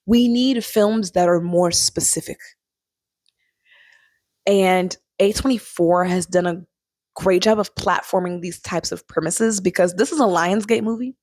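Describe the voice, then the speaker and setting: A young woman chatting casually as a vlogger reviewing a movie, animated and quick to laugh. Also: lowish voice, dry recording, studio quality. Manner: chatty, animated, laughs often, sings snippets.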